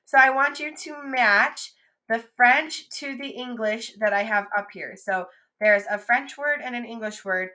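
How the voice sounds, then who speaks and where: A woman teaching French vocabulary patiently, saying words and pausing for the listener to repeat them. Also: fairly high pitch, pushed and bright. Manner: patient, drills words for repetition. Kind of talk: recorded classroom lesson.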